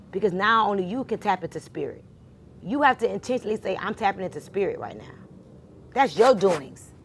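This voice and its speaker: A woman's voice: medium pitch, slight background noise. A woman giving a motivational spiritual talk, speaking directly and informally to her listeners and repeating her points for emphasis. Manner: informal and conversational.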